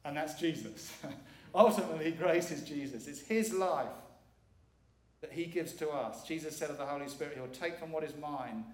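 A man's voice: fairly high pitch, moderate pace. A middle-aged man preaching as a guest speaker, earnest and emphatic, repeating words for weight. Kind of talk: sermon. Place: church sanctuary. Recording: echoey church hall.

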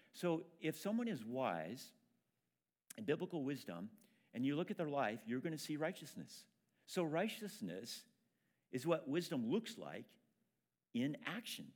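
A man's voice: fairly high pitch, a little mellow. A man preaching a sermon as pastor, talking in a conversational way with frequent restarts.

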